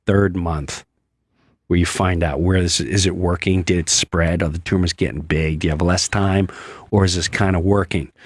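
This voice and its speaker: A man's voice: deep voice, dry recording. A man, a guest comedian, earnestly telling a personal story in a casual studio chat and acting out what other people said.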